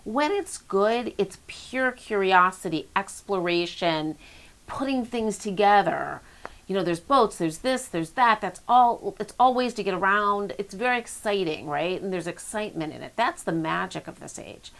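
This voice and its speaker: A woman's voice: medium pitch, lively intonation, fairly bright tone. A woman who runs a children's center, giving emphatic parenting advice in a conversational way. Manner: emphatic, explanatory, quick bursts. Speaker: child development expert, center director.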